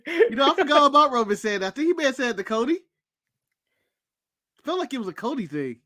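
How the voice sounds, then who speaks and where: American dude on a podcast, crisp bright voice, super casual and crude. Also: male voice, extremely high pitch, very animated, quick pace. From United States. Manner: blunt, crude, joking. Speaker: wrestling podcast co-host. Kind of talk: casual chat.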